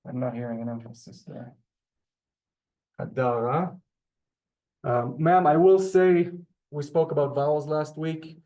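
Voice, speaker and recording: A man's voice: a little high, a little slow, long pauses, dark tone. A man teaching a classroom language lesson, explaining step by step with many ums and asides. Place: synagogue classroom.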